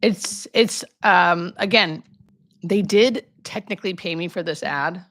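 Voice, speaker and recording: A woman's voice: on the low side, unhurried, a bit bright. A woman in her thirties hosting a casual live Q&A as a hospice nurse, greeting viewers by name with chatty, self-deprecating asides. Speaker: hospice nurse and livestream host.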